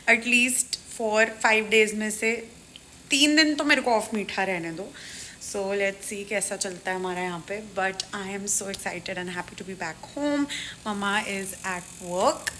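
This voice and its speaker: A woman's voice: mid-range voice, bright, forceful tone, a little hiss or hum. Chatty woman vlogger. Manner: chatty, switches freely between English and Hindi. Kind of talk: casual vlog chat, mixing English and Hindi. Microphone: phone held at arm's length.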